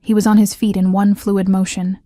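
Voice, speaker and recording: A woman reading first-person audiobook narration in an even, measured way. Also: medium pitch, no echo, faint music behind.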